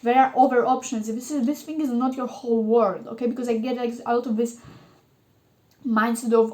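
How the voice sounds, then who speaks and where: A woman's voice: high-pitched, lively intonation, a little fast. A woman giving a tarot reading, talking emphatically and coaxing the listener, often checking in with "okay?". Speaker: tarot reader.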